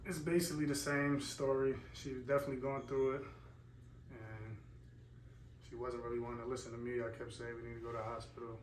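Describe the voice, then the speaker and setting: A young man, speaking in a low-key, understated way. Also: little pitch movement, fast. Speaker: partner. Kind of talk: casual chat. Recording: echoey room, distant mic, faint noise.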